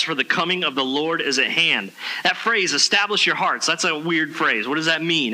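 A man preaching a conversational sermon as pastor, telling stories in a casual, animated way with slang. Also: a little high, poor audio.

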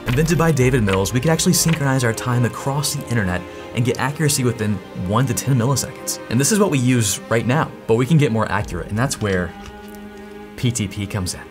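A man hosting a tech video, explaining hardware in an excitable, jokey way that keeps interrupting itself. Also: medium pitch. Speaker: tech YouTuber host.

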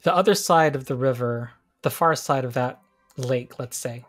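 A game master running a tabletop game over a video call, relaxed and quick to laugh. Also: medium pitch, faint music behind.

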